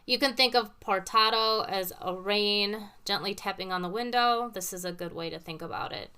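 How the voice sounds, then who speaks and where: A woman piano teacher with a bright, crisp, smooth voice. She explains patiently, using everyday comparisons. Piano notes are heard between her phrases. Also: medium pitch, normal speed. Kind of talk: casual teaching talk with demonstrations. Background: piano played between phrases.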